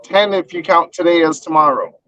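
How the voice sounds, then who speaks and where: A relaxed man from Texas, co-hosting a casual podcast chat with short, agreeable replies. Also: fairly high pitch, brisk, dull audio. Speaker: podcast co-host.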